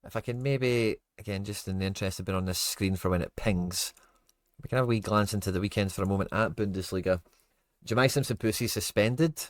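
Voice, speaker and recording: A young man in casual stream commentary who gets excitable, groans, scolds himself and chats to his viewers. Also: on the low side, a little fast, dry recording.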